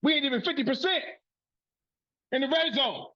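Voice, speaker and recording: A man's voice: very high voice, normal speed, dull audio. A man hosting a sports podcast, ranting in a profane, fired-up way. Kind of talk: heated sports rant.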